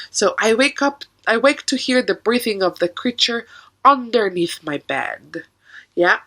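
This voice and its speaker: A woman's voice: mid-range voice, bright, forceful tone, rough recording. A woman teacher reading a poem aloud and explaining it patiently to children, checking in with questions as she goes.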